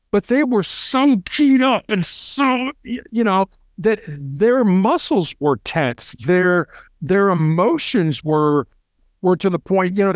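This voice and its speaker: Recorded with studio quality and no echo, a middle-aged man with a high voice shares stories from his days as a hostage negotiator during an interview. He's animated, mimics the voices of those he quotes, and tends to repeat words.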